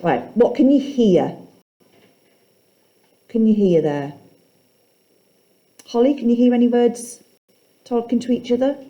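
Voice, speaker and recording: A woman teaching a poetry class, asking students questions and reading lines aloud slowly. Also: a little high, warm tone, dull audio.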